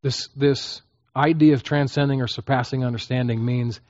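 Fairly even in intonation, the man's mid-range voice has a darkish tone and a moderate pace, captured in a muffled recording with no room sound. As a pastor, he teaches conversationally, asks "okay?" frequently, and acts out prayers.

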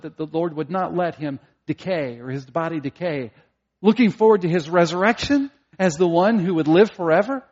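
Earnest man preaching, dull lo-fi sound. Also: on the high side. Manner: earnest, rising to emphatic preaching and dropping to quiet. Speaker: pastor. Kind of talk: sermon.

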